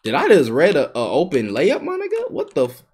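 A man's voice: on the high side, a little fast. A young man, giving live trash-talking commentary over his gameplay. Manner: trash-talking, excitable, repeats himself. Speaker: gaming streamer.

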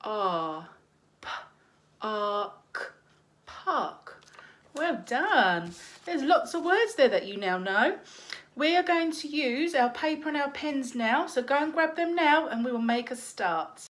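A woman teacher leading a phonics lesson for young children, slowly sounding out letters and praising them. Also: sits high, lively intonation, a bit bright. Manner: slow, encouraging, sounds out letters.

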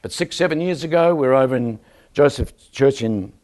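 An older man preaching a lively church sermon, joking and calling out for amens from the congregation. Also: mid-range voice, brisk. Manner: animated, joking, calls for amens from the crowd. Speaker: guest preacher. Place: church service.

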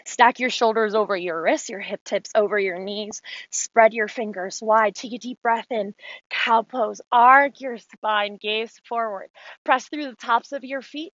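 A woman yoga instructor calmly guiding a class through poses and breathing cues. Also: fairly high pitch, dry recording, muffled recording. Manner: calm, steady spoken cues with long breath pauses.

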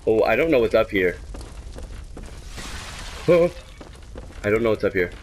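A man's voice: on the low side, expressive, measured pace, slight background noise. Exasperated young man gaming. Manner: exasperated, talks to the game, swings from mutters to shouts. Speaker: gameplay commentator. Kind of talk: let's play commentary.

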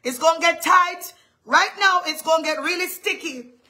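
A woman pastor delivers a livestreamed sermon in a high, ringing voice. She is loud and often shouting, pressing each point with emphatic call-outs. Her tone is bright and forceful, and her throat sounds strained from the yelling. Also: moderate pace.

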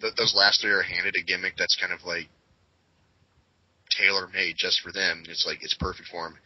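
A man's voice: deep voice, level tone, normal speed, husky, dry recording. A man co-hosting a casual wrestling podcast, enthusiastic, swearing freely and acting out quotes, on dull lo-fi audio. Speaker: podcast co-host.

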